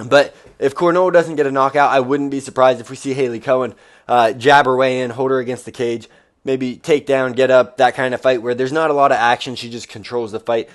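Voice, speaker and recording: A man hosting a fight preview show, talking in an energetic, rambling way and swearing casually. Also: mid-range voice, fairly quick. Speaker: podcast host.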